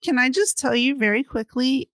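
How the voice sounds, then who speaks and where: A woman co-hosting a casual podcast chat, her voice sitting high and sounding dry and close. She retells scenes with excitement and slips into the characters' voices as she goes. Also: normal speed, dry recording. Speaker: podcast co-host.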